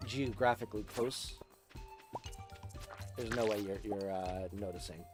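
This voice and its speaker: A man's voice: fairly low pitch, unhurried. Chatty man talking over game music. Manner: chatty, rambling, frequent restarts. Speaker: gaming streamer. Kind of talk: casual gameplay commentary. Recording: game music playing behind.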